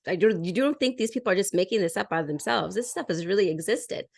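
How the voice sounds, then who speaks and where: A woman's voice: medium pitch, fast talker, vocal fry, a little mellow, no echo, studio quality. A middle-aged woman hosting a podcast, chatting casually about spiritual topics and laughing often mid-sentence. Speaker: podcast host.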